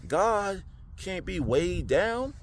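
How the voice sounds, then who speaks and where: A man giving a casual, slangy spiritual monologue into his phone, animated and preachy. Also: sits high, very slow. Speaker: spiritual vlogger.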